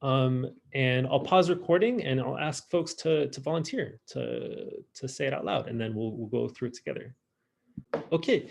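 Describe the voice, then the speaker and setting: A man teaching a French class online, modeling pronunciation in an exaggerated, lively way over a video call. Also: mid-range voice, measured pace, creaky, pauses often, husky. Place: home, virtual class. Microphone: computer mic on a video call.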